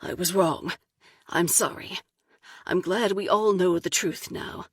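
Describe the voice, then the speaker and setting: A man's voice: high-pitched, slow, slightly rough, dry recording, heavily acted. A woman doing a tearful, choked-up man. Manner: choked up, hesitant. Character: tearful middle-aged man, a closeted mayor.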